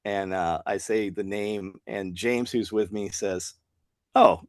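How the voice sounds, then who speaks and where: A man's voice: on the low side, takes it slowly, no echo, clean studio sound. A man who is a guest on a podcast, telling a story at length and acting out the lines of the people in it. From Tennessee, US. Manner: animated storyteller acting out quoted dialogue. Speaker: podcast guest, business owner. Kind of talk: casual storytelling interview.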